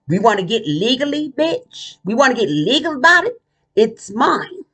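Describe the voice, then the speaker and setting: Fairly high-pitched, husky and very animated, this woman vlogger rants through a casual monologue at a moderate pace. Her bright, tense voice carries a blunt, combative, profane style.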